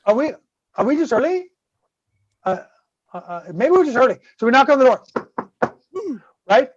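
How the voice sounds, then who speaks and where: A man's voice: very high-pitched, big pitch swings, moderate pace, no room sound. Rambling, swearing man telling a story. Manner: rambling, swears constantly, keeps asking "right?". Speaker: guest host telling a story. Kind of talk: casual profane storytelling. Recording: dull, dry close-mic sound.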